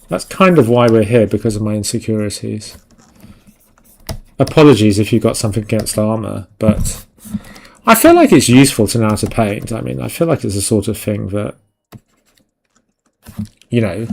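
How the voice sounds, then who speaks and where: A man's voice: lowish voice, gravelly, a little mellow, slight background noise. A man chatting casually and swearing while he paints on a live stream, rambling and self-mocking. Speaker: digital art streamer.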